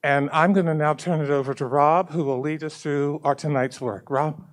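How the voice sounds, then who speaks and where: A man's voice: a little high, steady tone, normal speed. A school superintendent, a man, giving earnest opening remarks at a public committee meeting and repeating key points for emphasis.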